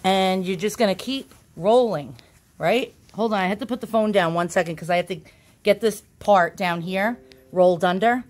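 A woman's voice: mid-range voice, normal speed. A woman giving a casual home how-to demonstration while filming on a handheld phone, chatty and self-deprecating with plenty of fillers. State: out of breath at times. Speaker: YouTube channel host.

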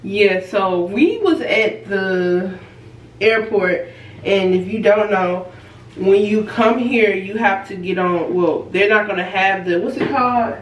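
A woman vlogger casually telling a story, animated, laughing and acting out the people she quotes. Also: medium pitch, slow pace. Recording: roomy and a bit distant from the mic.

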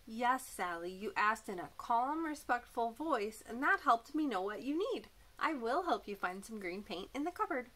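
A woman playing a calm, kind classroom teacher who praises a child for asking politely. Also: a little high, moderate pace, hardly any pauses.

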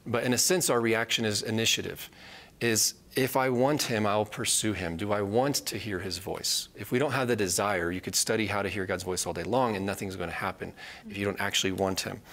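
A man's voice: lowish voice, fairly even intonation, a little fast, fairly bright tone. A man teaching a live Bible study, earnest and repeating key phrases for emphasis.

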